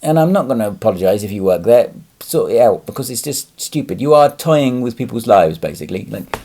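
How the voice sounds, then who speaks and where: Man, husky and mellow, lorry driver vlogging off the cuff; rambling, restarts, curses when riled. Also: mid-range voice, lively intonation, fairly quick. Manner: rambling, frequent fillers and restarts, swears when angry. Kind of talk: casual vlog monologue.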